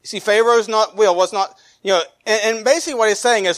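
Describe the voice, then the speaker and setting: A man's voice: fast talker, a bit bright, no room sound. Preaching man, dry close sound. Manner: preaching, swings from emphatic highs to low trailing drops; reads scripture aloud, with fillers and restarts. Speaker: pastor. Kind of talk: sermon.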